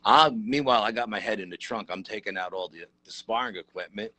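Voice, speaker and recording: A middle-aged man, telling a story as an interview guest in a lively, casual, rough-edged way. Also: on the low side, brisk, dry recording. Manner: animated, conversational, rough-edged. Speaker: interview guest, paranormal researcher.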